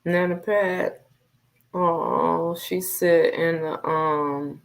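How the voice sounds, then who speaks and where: A woman's voice: lowish voice, fairly even intonation, extremely slow, vocal fry. A woman hosting a casual live chat, talking in a heartfelt way and often repeating her phrases. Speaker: livestream host.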